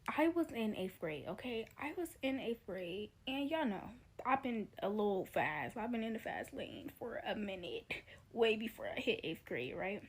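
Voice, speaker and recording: A woman chats through a storytime about her school days, going back over her points for emphasis. Her voice sits at an ordinary middle pitch, and her delivery stays relaxed and conversational. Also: normal speed, husky, low-quality recording. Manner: chatty, repeats herself for emphasis. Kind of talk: casual storytime.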